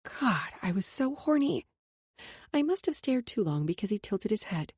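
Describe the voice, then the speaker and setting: A woman's voice: medium pitch, big pitch swings, normal speed, a little mellow, breathy edge, dry recording. A woman narrating a romance audiobook in an intimate first-person voice that drops to a whisper in close passages.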